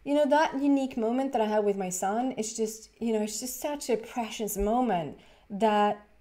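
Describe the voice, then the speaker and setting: Mellow-voiced woman in her thirties, tarot reader, rambling and giggly storyteller. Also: on the high side, normal speed. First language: Swedish. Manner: rambling and giggly, many fillers and restarts. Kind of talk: casual storytelling to camera.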